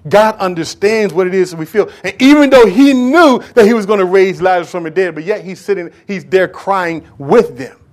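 A pastor preaching a sermon, swinging from hushed lines to loud bursts and acting out scenes from scripture. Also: male voice, sits high, a little fast, hardly any pauses. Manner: acts out dialogue with Bible figures.

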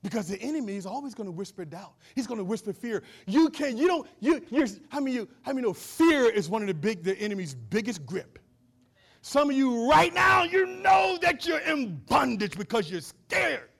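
A fervent male pastor preaching in a high voice with a gravelly rasp. He repeats phrases and keeps calling out to the congregation. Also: sing-song, moderate pace, a bit bright. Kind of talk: sermon.

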